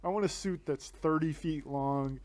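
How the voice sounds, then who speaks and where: A man's voice: on the high side, normal speed, a little mellow. A man co-hosting a podcast in casual chat, laid-back and drawling. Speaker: podcast co-host.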